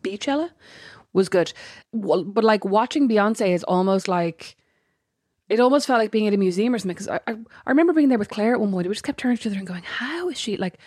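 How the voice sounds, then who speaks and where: An Irish woman co-hosting a podcast in casual chat, quick and chatty and laughing easily. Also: medium pitch, lively intonation, darkish tone, dry recording, clean studio sound. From Ireland. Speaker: podcast co-host.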